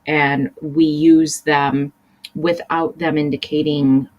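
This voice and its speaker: Woman, language teacher, recorded lesson, patient, explanatory, low-pitched. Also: flat delivery, takes it slowly, dull audio. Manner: patient, explanatory, switching between English and Spanish examples. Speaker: Spanish teacher.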